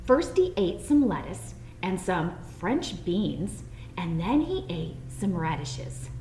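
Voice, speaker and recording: A woman reading a children's storybook aloud in an expressive, playful way. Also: lowish voice, slow, a little hiss or hum. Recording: roomy echo, faint background.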